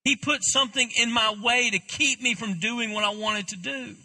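High, bright-voiced husky preacher man. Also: fairly even intonation, moderate pace. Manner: candid, self-deprecating, conversational preaching. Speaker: pastor. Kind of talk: sermon.

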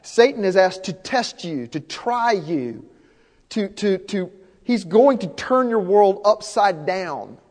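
A man's voice: high voice, animated, slow, a little mellow. A man preaching a sermon as pastor, earnest and repeating his key points for emphasis. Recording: long hall reverb.

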